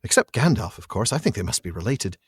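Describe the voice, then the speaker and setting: A man's voice: fairly low pitch, very animated, fast talker, slightly rough, no room sound, clean studio sound, full character voice. A man voicing a cheerful, teasing young male hobbit as he reads aloud from a novel. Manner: playful, bantering.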